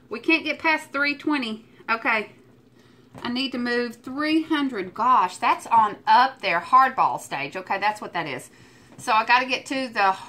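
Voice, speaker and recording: A woman's voice: on the high side, sharp tone. A woman hosting a home cooking video, chatting and teasing her viewers as she cooks in her kitchen. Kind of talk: casual cooking chat.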